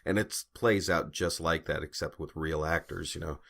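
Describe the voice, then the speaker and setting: A man's voice: very deep voice, steady tone, moderate pace, creaky, fairly bright tone. A young man co-hosting a podcast, rambling casually with fillers, restarts and frequent laughs. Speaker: podcast co-host. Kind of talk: casual chat.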